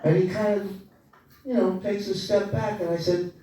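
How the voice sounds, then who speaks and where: A man telling a profane, sarcastic story on stage at a comedy club, his voice sitting a little high. He is heard from across the room, with the sound bouncing around heavily. Audience laughter rolls underneath him. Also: fairly even intonation, moderate pace, mellow. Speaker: stand-up comedian. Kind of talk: stand-up comedy set. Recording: echoey club room, crowd noise, from far off.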